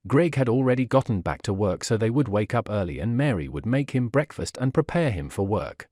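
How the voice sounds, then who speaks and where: A man narrating a drama story in a steady, plain storytelling manner. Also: on the low side, a little fast, no room sound, clean studio sound. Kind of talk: scripted narration.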